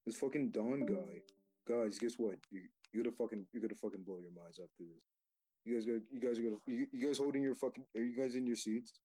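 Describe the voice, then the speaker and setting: A man's voice: mid-range voice, quick pace, dark tone, slightly rough, rough recording. A man chatting casually in an online voice call, swearing often and rambling through restarts. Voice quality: profane, rambling. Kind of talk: casual voice chat banter.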